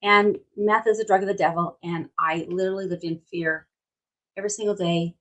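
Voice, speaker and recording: A woman's voice: mid-range voice, fairly even intonation, brisk, a bit bright, rough recording. A middle-aged woman, a hypnotherapist, talking casually on a home livestream and telling a story, often checking in with "right?". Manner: chatty, tells stories, asks "right?". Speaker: hypnotherapist and nutrition coach. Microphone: phone or webcam.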